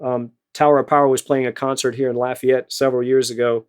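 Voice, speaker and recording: A middle-aged man with a Louisiana accent, a retired high school band director telling stories in an interview, with many restarts and fillers. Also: level tone, fast talker, darkish tone, clean tone. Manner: storytelling, many repeated words and fillers. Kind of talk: casual interview answers.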